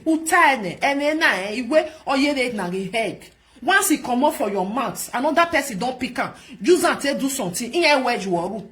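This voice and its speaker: In a high voice at normal speed, a Nigerian vlogger with a Pidgin accent delivers casual, scolding commentary. She's lively and repetitive, stressing her points by saying them again.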